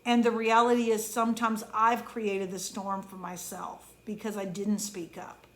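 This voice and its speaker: A woman hosting a motivational pep talk as an emotion coach, speaking earnestly and conversationally and slowing down to stress key words. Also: mid-range voice, level tone.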